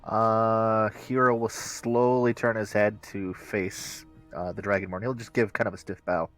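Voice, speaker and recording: A man's voice: on the low side, little pitch movement, a little slow, fairly bright tone, soft background music. A man playing a tabletop game, describing his silent character's actions in a terse, dry way. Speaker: player.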